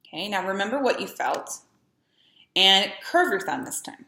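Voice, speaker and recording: A woman's voice: mid-range voice, sing-song, moderate pace, pushed and bright, echoey room. A woman string teacher explaining and demonstrating posture games for young learners, chanting drills patiently.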